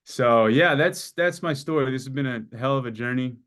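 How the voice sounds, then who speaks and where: Man, 40s, casual interview chat, lively storyteller, curses a lot. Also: medium pitch, moderate pace. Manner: animated storyteller, acts out dialogue, swears freely. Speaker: client giving a testimonial.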